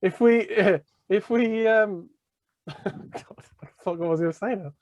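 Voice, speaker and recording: Brief: high-pitched podcast host, rambly, muffled lo-fi recording. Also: male voice, a little slow, no room sound. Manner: laughs mid-sentence, rambly. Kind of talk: casual chat. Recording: dull lo-fi audio.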